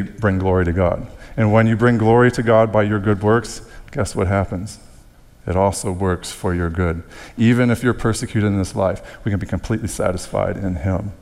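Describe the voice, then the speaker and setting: Deep-voiced pastor preaching in a reverberant hall. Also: male voice, darkish tone. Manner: earnest, breaks into playful mock voices. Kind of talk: sermon.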